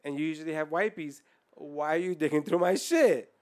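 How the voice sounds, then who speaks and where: A man with a slightly high voice hosts a casual podcast. He tells crude stories full of profanity and breaks into laughter as he talks. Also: normal speed, darkish tone. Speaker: podcast host. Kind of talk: casual storytelling chat.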